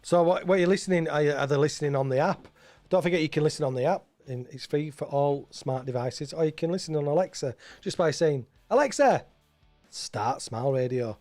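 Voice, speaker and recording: A man's voice: fairly high pitch, fast talker, darkish tone, soft background music. A man presenting local radio, chatting casually and rambling, often repeating and restarting his words.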